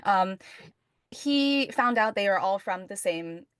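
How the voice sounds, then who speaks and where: A woman's voice: medium pitch, expressive, slow pace, fairly bright tone, clear, resonant tone, no echo, studio quality. A woman hosting a casual podcast conversation, rambling with lots of fillers. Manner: rambling, heavy on fillers like "like" and "you know".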